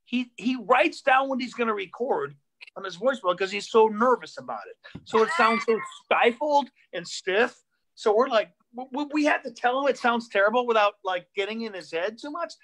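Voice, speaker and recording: A male stand-up comedian telling animated stories on a video call, repeating himself and acting out voices. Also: very high voice, normal speed. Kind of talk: comedic storytelling on a live online show.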